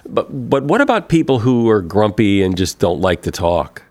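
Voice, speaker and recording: A man hosting an interview, asking calm, measured questions. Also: fairly low pitch, no room sound, clean studio sound. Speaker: host.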